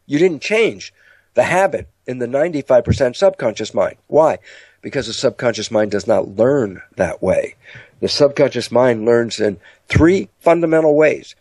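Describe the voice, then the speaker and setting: A man explains the mind in a lecture-style talk, with a middle-pitched voice and a dry, close sound. He tells stories with energy and jumps into higher voices to act out inner dialogue. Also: darkish tone, no room sound. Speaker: speaker on biology and the mind.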